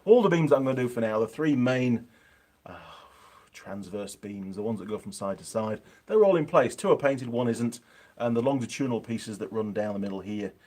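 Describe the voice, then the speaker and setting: A man's voice: medium pitch, expressive, a little fast, dark tone. Chatty Yorkshire man hosting a live stream. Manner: chatty, reads out viewer comments, frequent ums and filler. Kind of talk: casual live stream chat. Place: home workshop.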